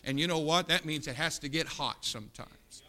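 A middle-aged male pastor delivers a fiery sermon in a church auditorium, blunt and scolding, moving briskly between shouts and low asides.

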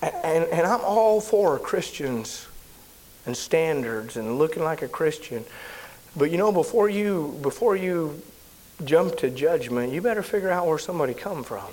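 A man preaching, telling a personal story in a sermon, animated and shouting at the big moments. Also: moderate pace. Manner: animated storyteller, shouts at high points, drops low and quiet when somber.

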